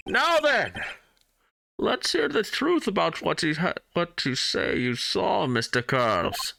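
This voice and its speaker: A man voicing an excitable older male courtroom judge in a video game, with theatrical outbursts. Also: sits high, slow, gravelly, slight background noise, heavily acted. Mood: stern.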